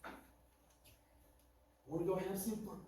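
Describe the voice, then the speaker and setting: A man preaching a sermon, telling a story dramatically, swinging between loud and hushed. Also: high-pitched, steady tone, a little slow. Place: church sanctuary. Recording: echoey church from far off, faint noise.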